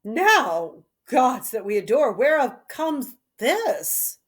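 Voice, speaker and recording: A woman's voice: on the high side, very animated, takes it slowly. A woman reading aloud as a mild duke, hesitant and placating. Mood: uneasy. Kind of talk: solo reading of a play.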